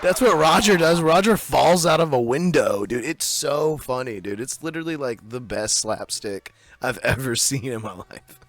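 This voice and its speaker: A man co-hosting a podcast over a video call, chatting casually and laughing a lot while retelling scenes in quick voices. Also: medium pitch, expressive. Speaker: podcast co-host. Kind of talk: casual chat.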